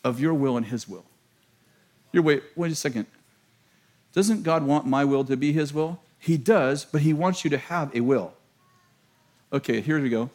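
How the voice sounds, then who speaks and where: A middle-aged man preaching a sermon, telling a story in an animated, self-mocking way and laughing often. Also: medium pitch.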